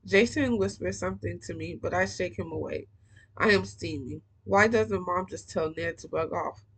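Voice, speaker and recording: A woman's voice: lowish voice, moderate pace, creaky, fairly bright tone, slightly rough, poor audio. A woman reading a young-adult novel aloud, breaking off for casual, slangy comments. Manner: casual slangy asides between passages. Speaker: book reader.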